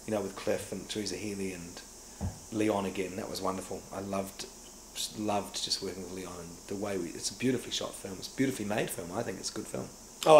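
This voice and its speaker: Middle-aged New Zealand actor, fairly low voice, animated storyteller, echoey room with faint ambience. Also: male voice, vocal fry, slight background noise. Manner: animated storyteller who acts out remembered dialogue. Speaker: actor and director interviewee. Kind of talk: casual anecdotal interview.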